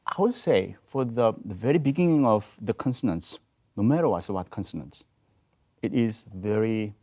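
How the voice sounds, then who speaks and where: Man, fairly low voice, halting delivery, voicing syllables to demonstrate, panel discussion in a studio. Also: warm tone. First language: Korean. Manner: halting, searching for words, demonstrates syllables aloud. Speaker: roundtable panelist, choir teacher. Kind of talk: explaining diction at a panel discussion. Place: video studio.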